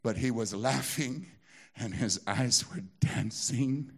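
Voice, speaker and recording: A man with a Southern American accent preaching a sermon in a church, moving between hushed storytelling and shouted exhortation. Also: mid-range voice, takes it slowly, vocal fry, husky. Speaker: pastor.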